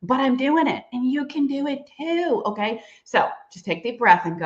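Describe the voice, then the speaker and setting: A middle-aged woman giving a live-streamed sales training, talking fast and chatty and calling her listeners girl and y'all. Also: sits high, muffled recording. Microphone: computer mic on a live stream.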